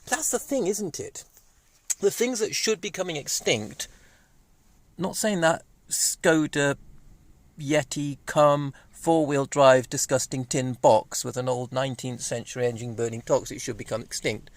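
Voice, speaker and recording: A man in his fifties, rambling and excitable in a casual monologue, speaking through a cold. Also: mid-range voice, measured pace, no echo. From Wales. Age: 50s. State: has a cold. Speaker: vlogger. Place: indoors, sunny room.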